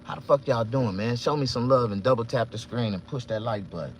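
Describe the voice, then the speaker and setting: A man vlogging from a car, ranting casually and profanely, swinging between loud outbursts and low muttering. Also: fairly quick, a little hiss or hum. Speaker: vlogger and barber. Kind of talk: casual live-stream rant.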